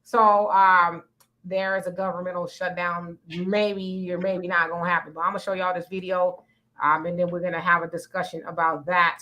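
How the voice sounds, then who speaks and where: A woman's voice: lowish voice, level tone, normal speed, sharp tone. Chatty woman co-hosting a livestream. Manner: chatty, many fillers and restarts. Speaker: livestream co-host. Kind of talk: casual livestream chat, reading comments.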